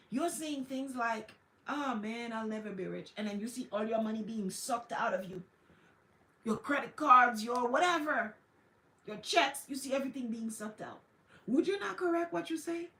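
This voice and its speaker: A woman with a high voice gives an encouraging motivational talk on a livestream. She repeats her points and acts out quoted self-talk. Her voice rings with a roomy echo. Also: a bit bright. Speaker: wellness livestream host. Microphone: streaming setup.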